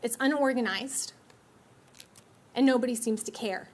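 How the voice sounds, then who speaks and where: A woman's voice: on the high side, measured pace. Blunt scolding woman at the podium. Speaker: public commenter. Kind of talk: public comment speech.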